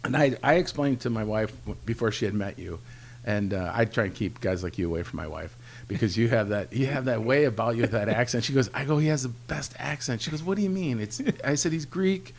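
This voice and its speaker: A middle-aged man hosts a neighborhood podcast and interviews a friend. He ribs his guest warmly and restarts his sentences as he goes. His voice sits at a middle pitch. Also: lively intonation, a little fast, vocal fry. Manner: friendly, teasing, with fillers and restarts. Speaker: podcast host. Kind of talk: scripted intro, then casual interview.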